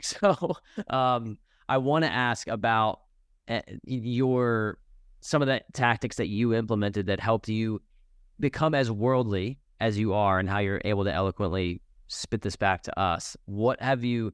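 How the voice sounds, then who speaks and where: A man's voice: on the low side, unhurried, smooth, no echo, studio quality. A man hosting a podcast interview, easygoing and laughing readily as he asks long, meandering questions. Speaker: podcast host. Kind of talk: casual interview chat.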